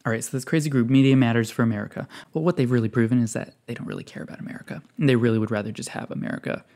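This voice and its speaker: A man's voice: medium pitch, steady tone, very fast, darkish tone. A man hosting a sarcastic reaction commentary, scoffing while reading text aloud. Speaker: commentary video host.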